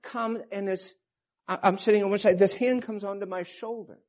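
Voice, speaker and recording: A man in his fifties preaching a sermon, telling a personal story with emotion and reading scripture with rising passion. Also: measured pace. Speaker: pastor. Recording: muffled low-fidelity recording.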